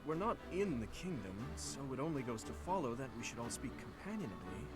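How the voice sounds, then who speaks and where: A man's voice: mid-range voice, very animated, fairly quick, music in the background, lightly acted. A man voicing an earnest, dutiful young prince in a video game, speaking courteously and sincerely.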